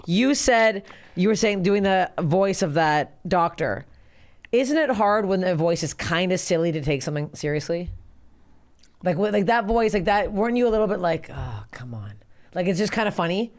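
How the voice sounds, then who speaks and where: A woman in her thirties hosting a comedy podcast, telling rambling stories between bursts of laughter. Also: mid-range voice. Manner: fast, rambling, laughing storyteller. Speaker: podcast host. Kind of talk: casual comedy podcast chat.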